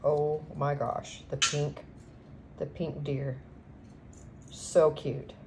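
A woman's voice: low-pitched, little pitch movement, extremely slow, dark tone. A woman chatting casually as she unboxes craft supplies at home, gushing and filling gaps with lots of ums. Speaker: craft vlogger. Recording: noisy home recording.

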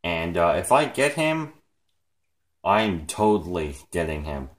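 Casual vlogger, male, deep and unhurried, rambling, excitable and emotional. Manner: rambling, heavy use of "like" and "frickin'"; excited and emotional, close to tears. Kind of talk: casual vlog talk.

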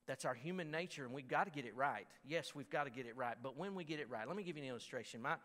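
A man's voice: mid-range voice, animated, quick pace, fairly bright tone. A man preaching a sermon as pastor, talking in a conversational way with frequent restarts and stammers, and reading scripture aloud with mounting force. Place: church sanctuary. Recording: long church hall reverb.

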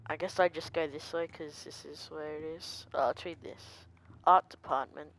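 A game player giving quiet let's-play commentary, talking softly and easily startled. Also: medium pitch, steady tone, moderate pace, creaky, a little hiss or hum.

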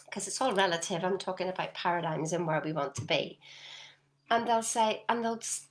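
Woman, middle-aged motivational coach, talks straight to camera, punchy and animated. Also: mid-range voice. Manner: animated, emphatic, addresses viewer directly with frequent "yeah?". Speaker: personal development coach.

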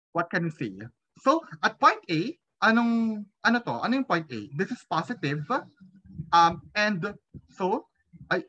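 A man with a Filipino accent lectures in a bright, slightly husky voice that rises and falls a lot. He switches between English and Tagalog and keeps pausing to ask the class if they follow. The sound is dull and lo-fi, like audio from a video call. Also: high voice. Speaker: physics lecturer.

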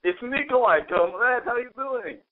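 A man's voice: very high-pitched, lively intonation, moderate pace. A man voicing a smug male Russian caller with a put-on Russian accent who calls everyone comrade. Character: cocky male Russian caller, loves his homeland. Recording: tinny phone-like audio.

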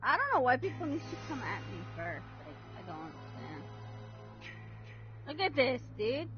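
A woman hosting a live gaming stream, excitable and loud, swearing and thanking viewers as she plays. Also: a little high, normal speed. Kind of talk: casual live-stream chat while gaming. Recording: dull lo-fi stream audio with music behind.

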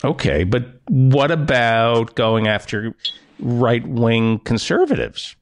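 A middle-aged man hosting a comedy podcast, lecturing in a wry, animated way. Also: mid-range voice, takes it slowly. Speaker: podcast host.

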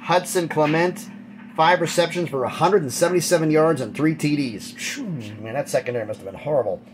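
Male sports commentator, slightly high voice, blunt opinionated stat recap, noisy background hiss. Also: brisk. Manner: blunt and opinionated, rattles off stats. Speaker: college football commentator.

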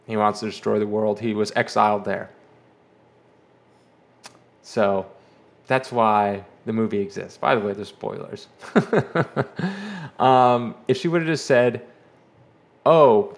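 A man hosting a casual movie review, rambling and exasperated, mocking the characters in quick put-on quotes. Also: on the low side. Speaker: comic collector channel host.

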